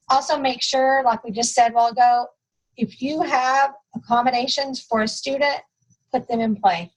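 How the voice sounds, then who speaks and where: A woman trainer goes page by page through a testing manual for school staff. Her voice sits a little high, and her delivery is steady and instructional. She stops now and then to repeat the rules that matter most. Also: poor audio. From United States. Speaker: test administration trainer.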